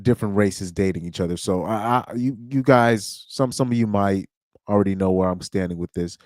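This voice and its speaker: A man with a fairly low voice chats loosely on his own livestream, stumbling over restarts and chuckling between thoughts. He is recorded close and dry, with no room sound around him. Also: fairly quick, darkish tone, no echo. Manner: rambling, with frequent restarts and chuckles. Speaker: livestream host. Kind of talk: casual livestream chat.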